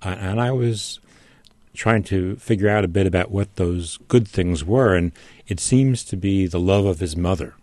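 A man as a radio guest, talking through a novel in a measured way while searching for words. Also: sits low, dark tone, no room sound. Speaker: studio guest. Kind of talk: literary discussion on radio.

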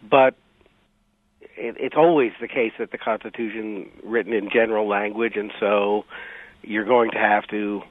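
A man being interviewed on radio as a legal scholar, speaking haltingly with many fillers and restarts. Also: lowish voice, steady tone, dry recording. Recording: dry, phone-like radio line.

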